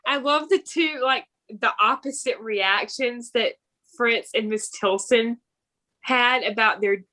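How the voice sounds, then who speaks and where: A young woman with a bright, crisp voice, eagerly listing favorite movie moments in a casual podcast chat. She sounds a little higher than most women. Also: takes it slowly. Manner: enthusiastic, reads notes. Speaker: podcast co-host.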